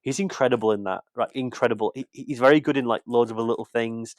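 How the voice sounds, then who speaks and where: A man's voice: mid-range voice, fast, no room sound. Rambling British man, dry close sound. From Britain. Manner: rambling, repeats words and restarts. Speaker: podcast co-host, film critic. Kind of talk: casual chat.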